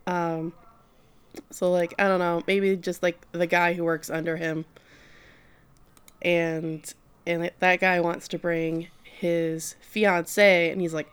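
Smooth-voiced woman recapping an anime. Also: fairly low pitch, slow pace. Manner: animated retelling with acted-out quotes, swears freely. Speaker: podcast co-host. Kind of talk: casual chat recapping an anime.

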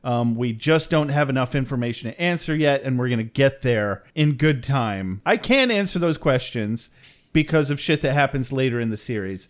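A man's voice: medium pitch, lively intonation, moderate pace. A man co-hosting a casual podcast, recapping a cartoon episode in a rambling way, swearing and laughing often. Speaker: podcast co-host.

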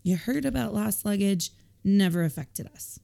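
A woman co-hosting a casual podcast, her voice croaky from a cold, with a wry, self-deprecating way of talking. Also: mid-range voice, animated, normal speed, dark tone. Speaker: podcast co-host. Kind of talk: casual chat.

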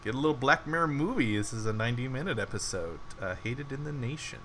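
A man's voice: mid-range voice, lively intonation, fast talker, a bit bright, a little hiss or hum. A man co-hosting a casual review podcast, rambling with lots of "like"s and laughing often. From United States. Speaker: podcast co-host.

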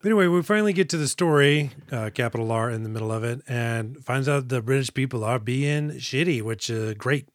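A man's voice: medium pitch, brisk, hardly any pauses, dry recording. A man co-hosting a movie podcast, joking casually, swearing and acting out scenes. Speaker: podcast co-host.

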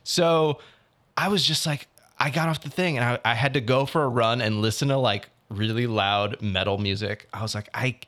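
A man's voice: medium pitch, normal speed. Casual young man telling a story. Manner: animated storytelling, swearing, quoting others. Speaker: actor telling about auditions. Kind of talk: casual chat.

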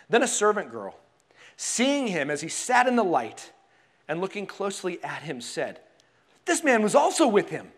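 A man preaching a sermon in a church, telling the story expressively and dropping to hushed tones for emphasis. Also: high voice. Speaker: pastor.

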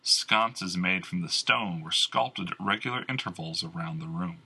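A man narrating a fantasy novel in a measured, expressive scripted read. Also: deep voice, gravelly, slightly rough. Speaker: audiobook narrator.

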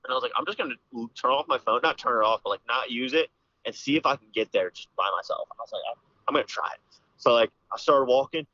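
Fast-talking young man with a dull, dry sound. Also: mid-range voice, bright, forceful tone, no echo. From Pennsylvania. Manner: rambling, full of "dude" and "like" fillers. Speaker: podcast guest, hunter. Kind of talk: casual storytelling. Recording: slightly dull, lo-fi podcast audio.

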